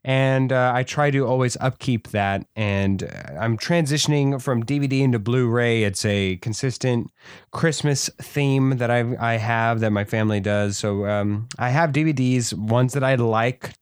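A man's voice: lowish voice, clear, resonant tone, no room sound. Easygoing male podcast co-host, dry sound. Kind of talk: casual chat.

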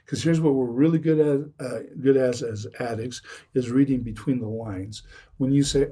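An earnest man talks with a mellow, slightly husky voice, circling back and restarting his sentences as he makes his point. He sits a bit back from the microphone, so the sound is a little distant. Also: medium pitch, normal speed. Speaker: addiction recovery speaker. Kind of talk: earnest podcast conversation.

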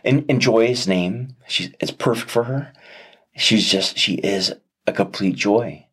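A man with a low, deep voice speaks as a guest in an interview, sharing a heartfelt personal testimony. He talks earnestly and reflectively, pausing often and restarting his sentences as he searches for the right words. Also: fairly bright tone, breathy edge.

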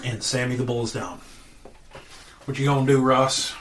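A man's voice: fairly even intonation, moderate pace, fairly bright tone, slight background noise. A man narrating as dungeon master of a tabletop game, playful and casual. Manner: playful, puts on squeaky goblin voices.

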